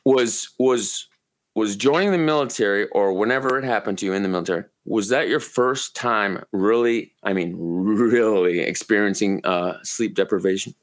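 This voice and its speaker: A man with a lowish voice tells a long, rambling story as a podcast co-host. His talk is loose, casual and full of swearing. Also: normal speed. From Maine. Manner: profane, rambling, laid-back storyteller.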